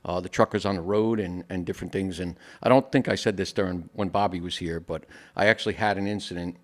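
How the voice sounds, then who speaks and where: A firefighter co-hosts a podcast in a relaxed, rambling style, his low voice acting out the dialogue of his stories as he goes. He fills the pauses with plenty of "you know" and keeps it conversational. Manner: tells stories with quoted dialogue, many "you know" fillers. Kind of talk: casual interview storytelling.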